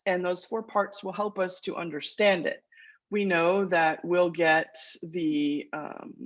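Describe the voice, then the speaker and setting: A woman, a college English teacher lecturing her class and reading verse aloud in a measured rhythm. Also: lowish voice. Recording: dull lo-fi lecture recording.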